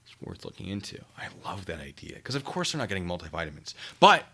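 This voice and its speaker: A man's voice: low-pitched, sing-song, fast talker, a bit bright, husky. A man chatting casually with his stream viewers while packing care kits, joking and teasing himself. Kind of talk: casual live-stream chat.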